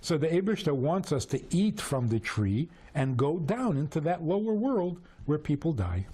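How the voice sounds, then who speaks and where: A man teaching Torah through storytelling, animated and full of rhetorical questions. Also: on the high side, moderate pace, slightly rough. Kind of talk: storytelling lesson.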